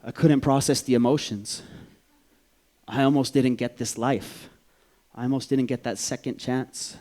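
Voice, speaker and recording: A man, from Vancouver, telling a personal story on stage in an animated, profane way, acting out the voices. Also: medium pitch, unhurried. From Vancouver, Canada.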